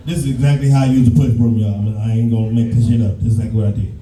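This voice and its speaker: A man in his fifties from Detroit, performing a loud, profane stand-up routine on a live stage, often shouting. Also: lowish voice, steady tone, racing, reverberant, distant mic, background noise. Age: 50s. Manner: loud, profane storytelling, breaks into shouts and laughter. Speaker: stand-up comedian. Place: live show stage with audience.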